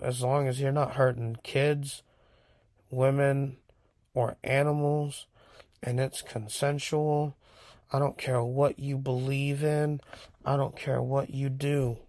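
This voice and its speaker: A man's voice: mid-range voice, flat delivery, takes it slowly, a little mellow, no room sound, studio quality. A man from California telling a frank, profane personal story in a casual rambling monologue. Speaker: vlogger.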